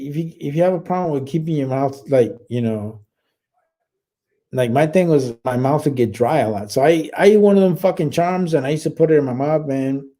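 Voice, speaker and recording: A man's voice: fairly high pitch, warm tone. A man in his forties, a veteran hosting a casual live chat, who swears freely and rambles with many fillers and restarts. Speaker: livestream host and Army veteran. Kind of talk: casual live chat, reading and answering viewer comments.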